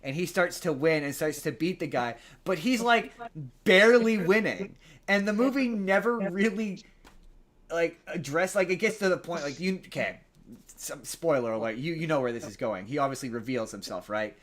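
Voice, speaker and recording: A man hosting a podcast, casually retelling a film plot in a rambling, animated way. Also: fairly high pitch, moderate pace. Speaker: podcast host. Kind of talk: casual chat.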